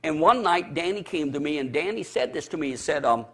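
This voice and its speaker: A man's voice: fairly high pitch, expressive, fairly quick, bright, forceful tone. A man from the Chicago area, a pastor preaching a personal testimony, telling it with emotion and stammered repeats. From Chicago area, USA.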